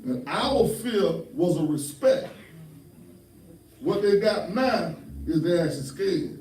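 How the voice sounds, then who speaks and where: This older pastor's voice sits high and a little mellow, animated but slow, with slight background noise. In a church, heard from a distance with roomy sound, he delivers a folksy sermon of humorous tales and stern warnings.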